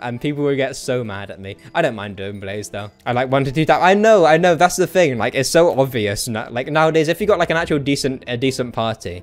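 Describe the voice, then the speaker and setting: A young man streaming a game, commenting live in an excitable, jokey way and often breaking into laughter and yelps. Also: mid-range voice. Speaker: gaming streamer.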